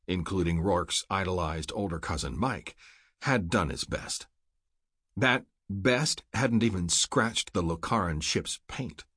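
A man narrates an audiobook in a measured, wry storytelling manner. His voice is somewhat low and husky, recorded close and dry. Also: dry recording. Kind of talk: scripted narration.

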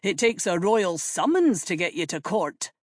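A woman's voice: fairly low pitch, sing-song, a little slow, a little mellow, dry recording, clean studio sound. A woman doing a blustering young king. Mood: imperious. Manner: blustering, imperious. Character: King James, commanding young royal man.

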